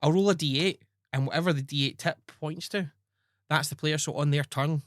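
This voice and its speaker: A man's voice: on the high side, brisk, no room sound, clean studio sound. A man chatting casually as a podcast co-host and dungeon master, rambling with filler words. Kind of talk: casual chat.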